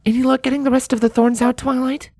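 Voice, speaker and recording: A man doing a high, sarcastic mare nurse. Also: little pitch movement, fast talker, a little mellow, no room sound, clean studio sound. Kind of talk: audiobook fanfiction reading.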